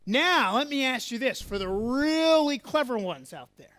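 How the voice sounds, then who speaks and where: A man's voice: very high-pitched, moderate pace. A man giving an interactive astronomy lecture to a live festival audience, coaxing volunteers and quizzing the crowd. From USA. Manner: lively, coaxing, asks the audience questions.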